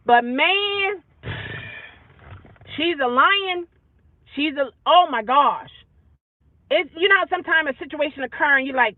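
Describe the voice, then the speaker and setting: Woman vlogger, rambling storyteller, lively swings in pitch, tinny phone sound. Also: slow pace, pauses often, no echo. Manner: animated, rambling storyteller with many repeats. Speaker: rideshare driver vlogger. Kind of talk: casual monologue.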